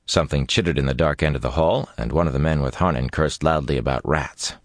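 A man narrating a fantasy audiobook in an expressive, dramatic storytelling manner. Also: extremely low pitch, fast, no echo, clean studio sound.

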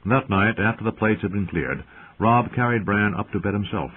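A man narrating an audiobook in a steady, dramatic storytelling manner, heard through a narrow, phone-like sound. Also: lowish voice, moderate pace, a little hiss or hum. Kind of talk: scripted narration.

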